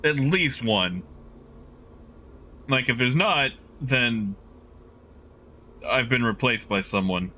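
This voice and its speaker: A man's voice: mid-range voice, expressive, takes it slowly, pauses often, pushed and bright, a little hiss or hum. A man streaming a game live, chatting casually and rambling as he muses aloud to his chat.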